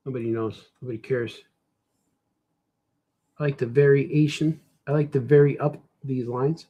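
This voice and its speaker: Husky-voiced man rambling while he draws. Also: fairly high pitch, moderate pace, darkish tone. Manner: rambling, playful, jokey asides to himself. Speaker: cartoonist. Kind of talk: casual chat while drawing.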